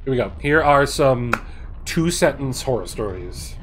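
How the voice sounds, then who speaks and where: A man's voice: mid-range voice, animated, measured pace, slight background noise. A man live-streaming, reading horror stories aloud and joking casually with his viewers. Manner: chatty, joking with chat; swears casually.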